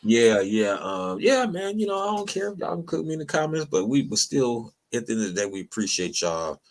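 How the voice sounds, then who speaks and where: A man hosting a podcast, chatting casually and animatedly, with frequent laughs. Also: fairly quick. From Illinois, US. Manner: animated, acts out quotes in a higher voice, laughs often. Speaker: podcast host.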